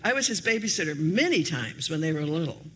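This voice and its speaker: Older woman pastor, chatty storyteller, voice swooping up and down, bright tone. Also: fairly quick, a little hiss or hum. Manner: chatty and anecdotal, with lively shifts in pitch. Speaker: minister. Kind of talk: storytelling sermon. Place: church hall.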